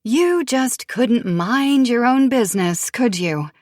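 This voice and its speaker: A woman's voice: a little high, lively intonation, takes it slowly, a little mellow, dry recording, clean studio sound, voice pushed up. A woman narrator voicing a spiteful, sarcastic young woman in an audiobook thriller, mocking and cutting. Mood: hostile. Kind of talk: audiobook character voice.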